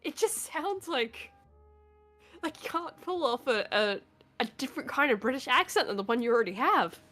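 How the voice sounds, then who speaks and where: A woman chatting casually on a livestream, blunt and quick to swear, laughing between remarks. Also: high voice, big pitch swings, bright, forceful tone, faint music behind. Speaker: stream guest.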